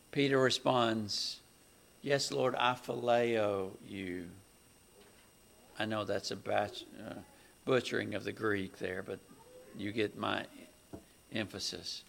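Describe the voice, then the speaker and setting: A man preaching a sermon, talking slowly and deliberately and building to loud, raised passages. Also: creaky. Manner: slow, deliberate preaching that swells loud and high at its climaxes.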